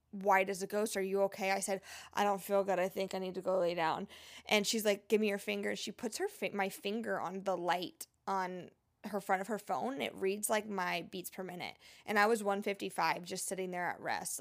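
A woman's voice: mid-range voice, vocal fry. A young woman, a travel nurse, telling a personal story in a chatty vlog, full of fillers and quoted dialogue.

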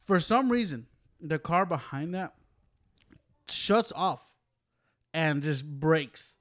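A man co-hosting a podcast in casual chat, relaxed and filler-heavy, laughing as he tells a driving story. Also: fairly high pitch, slow pace. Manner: relaxed, laughs often, says "like" and "dude". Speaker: podcast co-host.

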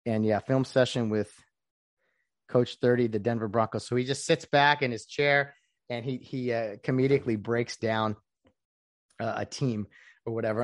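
A man hosting a casual solo podcast. He is opinionated and rambling, with mocking asides. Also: mid-range voice. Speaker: podcast host.

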